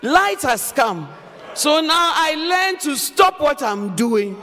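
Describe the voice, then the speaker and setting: A woman pastor preaching a sermon at a church service, animated and humorous, often exclaiming to the congregation. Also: high-pitched, slow. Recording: long church hall reverb.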